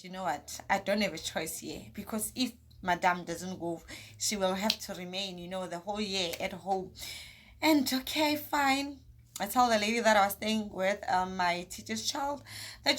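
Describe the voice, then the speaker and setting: A young woman with a South African accent telling a story to her viewers in a chatty, animated way, acting out the lines of the people in it. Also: a little high, moderate pace. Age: young adult. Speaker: vlogger. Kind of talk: casual storytime chat.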